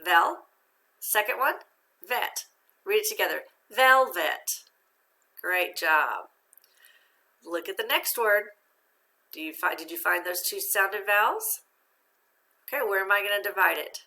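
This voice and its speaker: A woman's voice: medium pitch, expressive, moderate pace, long pauses, bright, forceful tone. A woman teacher giving a phonics lesson to young students, patient and encouraging, asking questions and answering them herself.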